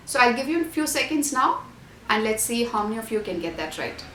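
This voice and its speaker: A woman's voice: on the high side, big pitch swings, a little fast, fairly bright tone, a little hiss or hum. Woman teaching in an echoey room. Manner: instructive, lists tips and repeats key points. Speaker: IELTS tutor. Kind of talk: scripted online lesson.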